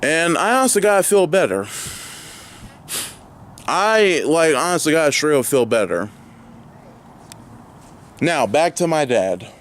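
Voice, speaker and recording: A man's voice: fairly high pitch, very animated, unhurried, long pauses, a bit bright, slight background noise. A young man vlogging outdoors near his home, ranting indignantly and rambling with lots of fillers and restarts. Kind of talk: angry ranting vlog.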